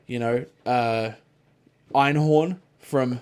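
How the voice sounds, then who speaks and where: A man talking loosely on a podcast, mid-pitched and rambling. He swears freely and leans on "like" and "you know" while he chats. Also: moderate pace, a little mellow. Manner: rambling, swears freely, frequent filler words. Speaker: podcast co-host. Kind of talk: casual chat.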